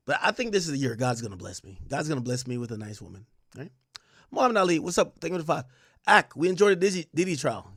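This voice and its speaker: A man's voice: a little high, fast, slightly rough, dry recording, studio quality. A young adult man hosting a casual livestream, reading chat aloud and ranting in slangy talk. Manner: animated, slangy, reads chat aloud and rants.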